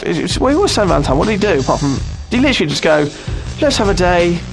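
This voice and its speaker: A man hosts a comedy radio show, rattling through his lines at high speed in a fairly high voice. His talk is rambling and mock-grumpy, with faint music playing underneath. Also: sing-song, racing, vocal fry. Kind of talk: comic banter on a radio show.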